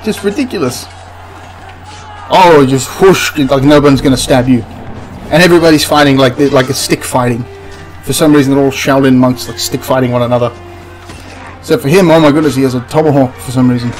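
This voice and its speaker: A man's voice: mid-range voice, fairly even intonation, fast, faint music behind. A man giving casual commentary over film clips as a history commentator, sarcastic and exasperated, laughing in disbelief.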